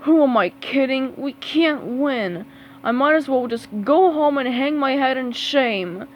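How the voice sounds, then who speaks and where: A woman's voice: sits high, lively intonation, a little slow, highs cut off, a little hiss or hum. A woman reading a storybook aloud, voicing a grumpy, demanding male squid coach who barks orders. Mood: gloomy. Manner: bossy, barking orders.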